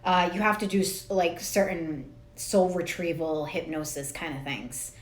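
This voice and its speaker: Speaking unhurriedly with a steady tone and a voice on the low side, a spiritual coach in her thirties rambles casually to the camera, cursing freely and poking fun at herself. The room sounds echoey.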